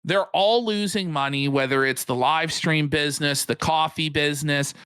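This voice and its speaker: A man's voice: on the high side, moderate pace, clean tone, no room sound. A man co-hosting a live stream, mocking and ranting at length in sarcastic commentary. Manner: mocking, animated, rants at length. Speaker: co-host.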